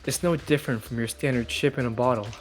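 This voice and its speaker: A man reading game dialogue aloud in a casual co-op playthrough, chatty and quick to laugh. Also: medium pitch, fairly even intonation, soft background music. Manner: chatty, rambling, laughs a lot. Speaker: co-player.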